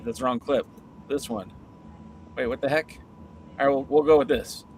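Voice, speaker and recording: A man's voice: medium pitch, normal speed, darkish tone, slight background noise. A man hosting a casual wrestling podcast, chatting easily while he fumbles with clips. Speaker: podcast host.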